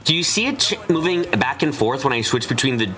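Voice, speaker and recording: A man's voice: mid-range voice, very animated, brisk, bright, forceful tone, soft background music. A man hosting a let's play, commenting on the game with incredulous, profane exasperation. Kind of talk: gameplay commentary.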